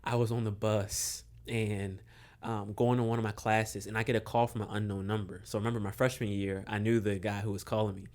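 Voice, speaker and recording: A young man from Maryland, a guest on a podcast, telling a relaxed story with lots of fillers and chuckles. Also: fairly low pitch, a little fast. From Maryland, USA. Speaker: podcast guest, basketball coach. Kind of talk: casual storytelling interview.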